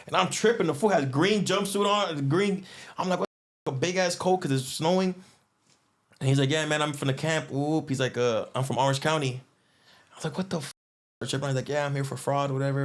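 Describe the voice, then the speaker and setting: Guest storyteller, male, mid pitch, loose slangy delivery with lots of fillers. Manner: animated, acts out others' lines, slangy, frequent restarts and fillers. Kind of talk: casual storytelling.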